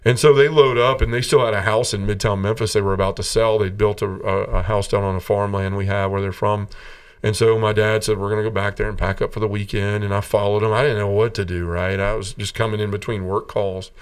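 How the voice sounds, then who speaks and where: A man's voice: fairly low pitch, level tone, brisk, clear, resonant tone, distant mic. Earnest man telling his story. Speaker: podcast guest. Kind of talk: personal testimony in an interview.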